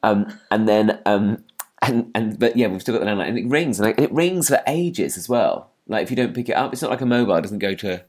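A man's voice: fairly low pitch, lively intonation, a little fast, darkish tone. A man co-hosting a casual podcast over a video call, chatty and self-mocking, rambling with lots of fillers. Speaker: podcast co-host. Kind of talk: casual chat.

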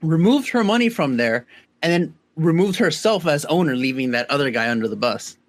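A man's voice: fairly high pitch, animated, a little fast. A man joking and chiming in with quips during casual chat with friends.

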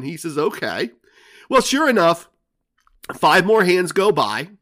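An older man hosts his own podcast and tells a casino story in a dry, wry way. His voice sits slightly higher than most men's. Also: fairly bright tone. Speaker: podcast host.

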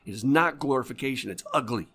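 Man, addiction counselor, podcast chat, profane, passionate, ranting, middle pitch. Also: quick pace, sharp tone, slightly rough. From lives in Florida. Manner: heavy swearing, passionate storytelling that flares into angry rants. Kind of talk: casual podcast conversation.

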